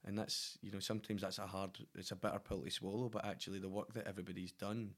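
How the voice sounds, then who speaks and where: Scottish man, middle-aged, casual chat; low voice, rapid, enthusiastic, restarts often. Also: little pitch movement. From Scotland. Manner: enthusiastic, lots of "you know" and restarts.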